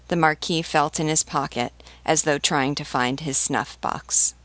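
A woman reads the narration of a classic novel in a measured, even manner, like a teacher guiding her listeners through a book. Her voice sits low, and the recording is close and dry with no room sound. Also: no echo. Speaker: literature teacher guiding a reading. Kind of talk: reading a novel aloud.

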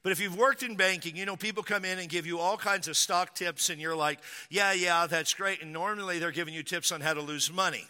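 A man's voice: sits high, a little fast, hardly any pauses, bright, forceful tone, clean tone. A man pastor preaching a sermon, telling a humorous personal story before building into emphatic preaching. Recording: long hall reverb.

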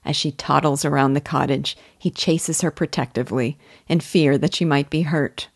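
A woman's voice: sits low, fairly even intonation, gravelly, slightly rough, no echo, studio quality. A woman giving earnest, admiring scripted commentary on a classic novel as a literature guide. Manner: earnest, admiring, measured reading.

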